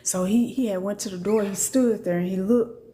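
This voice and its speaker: On a live stream, a middle-aged spiritual teacher speaks at a moderate pace in a mellow, fairly even voice, with a little hiss or hum on the audio. She tells casual, slangy, profane stories, acting out quotes in a far higher voice.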